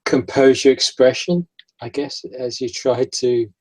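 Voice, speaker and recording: A man narrating a tabletop horror game as game master, in a halting way, repeating words and dropping low for dread. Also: level tone, darkish tone, slight background noise, low-quality recording.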